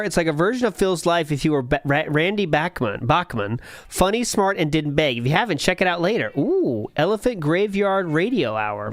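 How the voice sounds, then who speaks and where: A man's voice: sits high, no echo. A man co-hosting a casual reaction podcast, sarcastic and exasperated. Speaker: podcast co-host.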